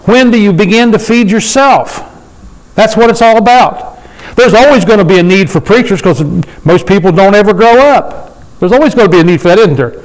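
Man preaching, high voice, bible study sermon, conversational, slows down for scripture, checks in with listeners. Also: expressive, low-quality recording. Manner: conversational, asks the room for agreement; slows down to read scripture aloud.

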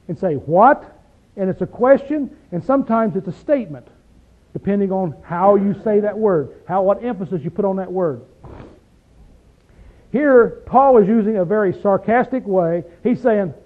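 High-voiced preacher on a tinny line. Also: male voice. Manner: conversational, explaining scripture verse by verse. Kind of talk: Bible teaching sermon. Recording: tinny phone-like recording.

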